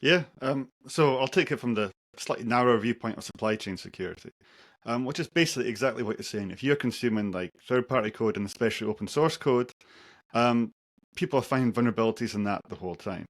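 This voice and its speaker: A man's voice: medium pitch, quick pace. A man speaking as a podcast guest, with a dry, joking way of talking. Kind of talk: casual conversation.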